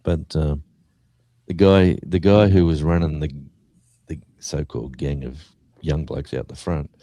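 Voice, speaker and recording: A man's voice: rumbling low, unhurried, dry recording. An Australian man, a guest musician, telling a story in casual chat and acting out what people said. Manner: animated storyteller acting out quotes.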